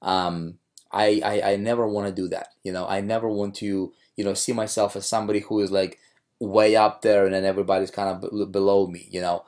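A man with a hoarse voice, talking casually as a marketing coach about his own videos, rambling with many fillers and restarts. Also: lowish voice, flat delivery, fairly quick, darkish tone.

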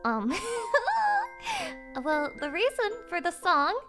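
A woman's voice: very high-pitched, huge pitch swings, extremely slow, music in the background. A woman streamer chatting casually to her viewers, playful and swearing, rambling with fillers. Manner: playful, swearing, meowing at chat. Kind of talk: casual live-stream chat.

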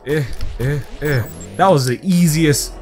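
A man's voice: fairly high pitch, unhurried, faint music behind. A young man giving casual gameplay commentary as a YouTuber, crude, joking and rambling, swearing often.

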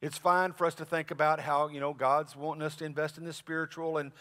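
A man preaching a sermon as pastor, in a conversational, animated way with asides to the congregation. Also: fairly high pitch, fast. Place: large church sanctuary. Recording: long reverb of a church hall.

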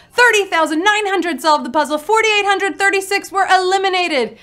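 A woman's voice: very high-pitched, expressive, fairly quick, hardly any pauses, over music. A woman hosting a live word game show, talking in a playful, upbeat patter full of puns.

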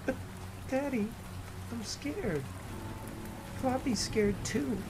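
A man's voice: extremely high pitch, takes it slowly, background noise, voice pushed up. A man putting on a small whimpering girl. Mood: scared whimpering. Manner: whimpering, pleading.

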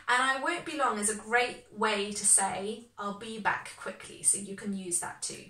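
A woman in her thirties, a teacher explaining phrases slowly and clearly with example sentences. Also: mid-range voice, sharp tone, echoey room, recorded from a distance. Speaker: English teacher. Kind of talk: online language lesson.

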